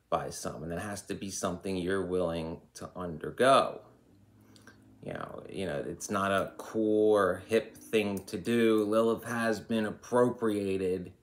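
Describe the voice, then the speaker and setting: A man's voice: low voice, creaky. An American man in his thirties hosting an occult channel, giving a rambling, opinionated spiritual monologue full of "you know.".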